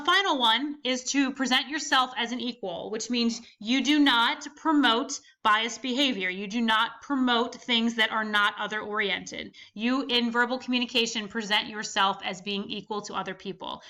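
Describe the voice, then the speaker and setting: A woman's voice: on the high side, moderate pace, hardly any pauses, sharp tone. A woman instructor giving a recorded class lecture, explaining step by step and often checking in with the listener. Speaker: college instructor.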